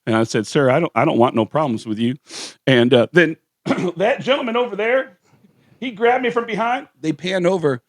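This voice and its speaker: Animated male comedian telling stories. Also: moderate pace, dry recording, clean studio sound. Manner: acts out characters with big pitch swings. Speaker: comedian guest. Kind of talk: animated storytelling. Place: radio studio. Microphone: studio mic.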